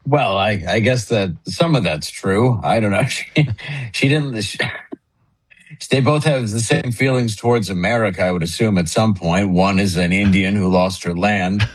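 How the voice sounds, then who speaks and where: A man's voice: fairly low pitch, normal speed, slightly rough, low-quality recording. A man who is a guest comedian, riffing in blunt, sarcastic banter on a talk show.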